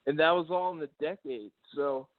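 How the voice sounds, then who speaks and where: A man calling in to a boxing show makes his case earnestly, hesitating often with ums. His voice sits fairly high for a man. He comes through a thin, tinny phone line with no room sound. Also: normal speed, dry recording. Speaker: caller. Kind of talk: call-in boxing opinion.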